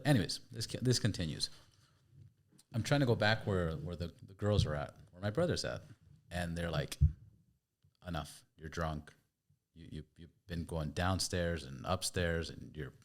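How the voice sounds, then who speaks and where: A low-voiced man hosts a podcast in an easy, chatty way. He tells his own story and jumps into sound effects and other people's lines as he goes. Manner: lively, acts out sounds and quotes. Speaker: podcast host. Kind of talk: casual storytelling.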